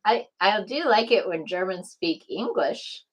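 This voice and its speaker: A woman's voice: medium pitch, expressive, a little slow, slightly rough. Giggly west coast woman chatting on a live stream at home, webcam mic. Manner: giggly, chatty, laughs often. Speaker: co-host. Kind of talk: casual live chat.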